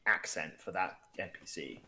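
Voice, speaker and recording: A man's voice: deep voice, normal speed, bright, forceful tone, slight background noise. A man co-hosting a casual tabletop gaming podcast, chatting loosely with many restarts. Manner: chatty, rambling with restarts, acts out players' lines. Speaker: podcast co-host and game master.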